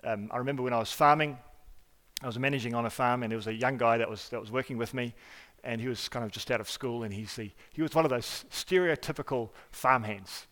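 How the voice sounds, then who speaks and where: Talking fast at a medium pitch, this pastor delivers an earnest, emphatic sermon captured with hall reverb. He frequently restarts words, shifting from loud emphasis to quiet asides.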